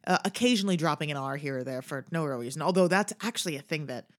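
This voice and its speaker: A woman co-hosting a podcast, chatting casually about a film, animated and theatrical, laughing often. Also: low-pitched, rapid-fire. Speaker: podcast co-host.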